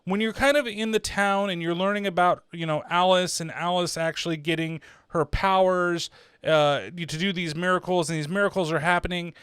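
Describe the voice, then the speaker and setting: A man hosting a horror podcast, giving a casual film review, animated, laughing often and swearing casually. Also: sits high, normal speed, smooth, no echo, studio quality.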